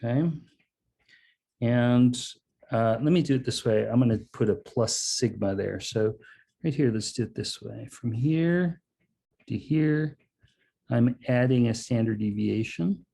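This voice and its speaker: Casual, mellow-voiced male math instructor. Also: medium pitch, unhurried, gravelly, breathy edge. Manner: casual, explains step by step with frequent "okay" and "um". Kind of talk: online lecture.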